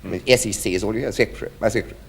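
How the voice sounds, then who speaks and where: A man's voice: lowish voice, rapid-fire, creaky, breathy edge. An English man chatting as a talk show guest, theatrical and flamboyant, mimicking accents with relish. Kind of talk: chat show anecdote.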